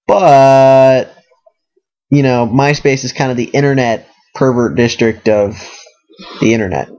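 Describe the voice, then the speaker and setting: A college-age man hosts a podcast, delivering a rambling, self-deprecating casual monologue full of "you know" and "like". His mid-range voice is dark and a little slow, and the recording sounds muffled.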